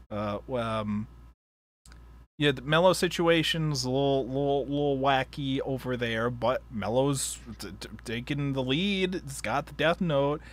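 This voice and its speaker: A man's voice: mid-range voice, measured pace. Guy running a manga book club, rambles and laughs a lot, does the characters' voices. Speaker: podcast host. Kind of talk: casual book club chat.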